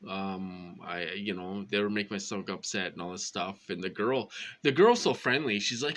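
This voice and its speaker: A man rambling casually to his viewers, full of fillers and repeated phrases, his voice jumping high when he acts out what others said. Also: animated, normal speed, a bit bright. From Minnesota. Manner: rambling, with many fillers and repetitions. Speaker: vlogger. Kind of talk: casual monologue to camera.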